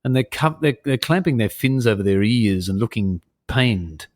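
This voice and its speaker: A man co-hosting a comedy podcast, talking in animated, mock-serious banter and reading lyrics aloud with jokes. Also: mid-range voice, moderate pace. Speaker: podcast co-host.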